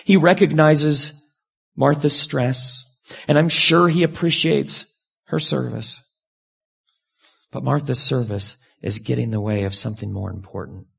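A man giving a sermon as a pastor, talking in a candid, conversational way with sudden lively jumps in pitch. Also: unhurried. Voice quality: gravelly and husky.

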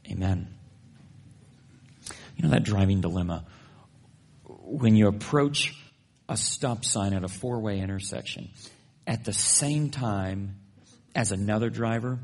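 A man's voice: mid-range voice, a little mellow. A man preaching a sermon as a pastor, telling everyday stories with playful humorous asides.

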